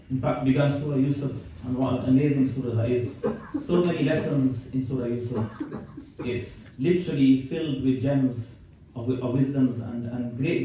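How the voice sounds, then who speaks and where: A man's voice: medium pitch, warm tone. Man lecturing in an echoey hall. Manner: conversational, recites Arabic verses then explains them. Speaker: Islamic scholar giving a talk. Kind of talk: religious lecture. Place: community centre hall. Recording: very echoey hall, mic far off, faint noise.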